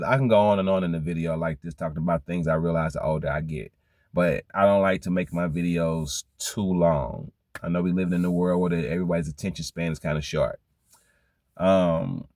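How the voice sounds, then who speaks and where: A man's voice: deep voice, dry recording. Man preaching life lessons to camera. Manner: repetitive, preachy, rhetorical questions to the viewer. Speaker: vlogger giving life advice. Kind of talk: reflective motivational monologue.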